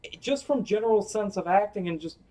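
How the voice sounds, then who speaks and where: Male co-host, fairly high voice, off-mic, thoughtful casual chat. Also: expressive, brisk, dark tone, recorded from a distance, rough recording. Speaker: podcast co-host. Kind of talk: casual movie review chat.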